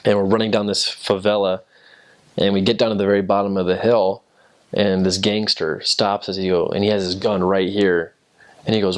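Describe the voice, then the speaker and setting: Speaking fairly quickly in a fairly low, steady voice, a young American man back from his mission rambles through casual stories, full of fillers and restarts.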